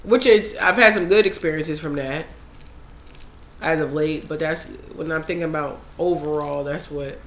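A young woman in casual group chat, animated and swearing when worked up. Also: sits low, moderate pace. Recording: echoey room with faint noise.

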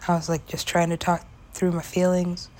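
A woman's voice: fairly low pitch, completely flat delivery, normal speed, a little mellow. A young woman in a casual, rambling personal monologue, full of "like" fillers and swearing, sometimes dropping to a whisper. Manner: casual, lots of "like" fillers, swears, laughs often; drops into whispers at times. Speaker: vlogger.

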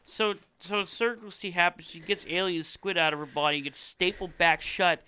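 A man's voice: high-pitched, steady tone, moderate pace, pushed and bright, clear, resonant tone. A man co-hosting a podcast, laid-back and profane as he walks through a movie's plot. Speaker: podcast co-host. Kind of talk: casual movie recap chat.

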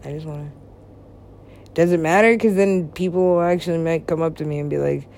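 Woman, casual chat, profane, rambling, slightly low pitch. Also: fairly quick, a little mellow.

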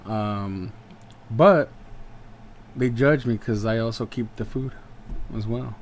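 A man's voice: medium pitch, slow, a little hiss or hum. A man co-hosting a podcast, chatting casually and rambling with jokes and fillers. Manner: rambling, joking, many fillers. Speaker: podcast co-host. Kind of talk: casual chat.

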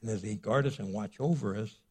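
Man doing hushed, plotting townsfolk, low and husky. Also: a little fast. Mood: scheming. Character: scheming worried ancient townsfolk.

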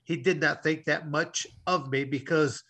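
A man's voice: fairly high pitch, fairly even intonation, measured pace, fairly bright tone, slightly rough. A man co-hosting a talk show, telling a long story in a rambling way with many restarts. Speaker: co-host. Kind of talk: casual storytelling.

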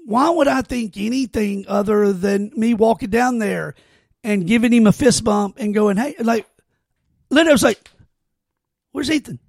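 A man with a high, gravelly voice tells stories on a podcast. He talks earnestly and rambles, often restarting his sentences. The sound is close and dry. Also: normal speed, darkish tone, dry recording. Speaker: podcast host. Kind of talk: casual heartfelt conversation.

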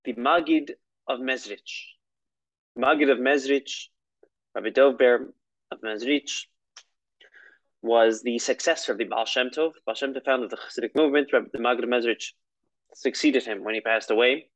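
A man's voice: medium pitch, moderate pace, long pauses, a bit bright, no room sound, low-quality recording. A man teaching a lesson on prayer in a conversational, storytelling way, with asides.

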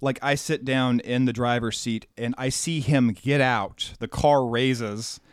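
A man co-hosting a podcast, telling a rambling, animated anecdote full of quoted dialogue. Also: medium pitch, measured pace, clear, resonant tone, dry recording, clean studio sound. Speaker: podcast co-host. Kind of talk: casual storytelling.

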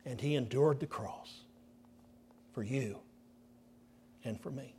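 A middle-aged male pastor preaching a sermon, earnest and dramatic, dropping to hushed near-whispers for emphasis. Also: mid-range voice, a little hiss or hum. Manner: earnest, slow and deliberate phrasing.

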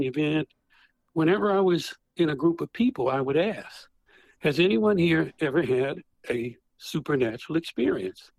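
A man's voice: fairly high pitch, no echo, rough recording. A man in his sixties, a retired prosecutor and guest author, telling stories animatedly over a phone handset. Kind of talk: storytelling interview.

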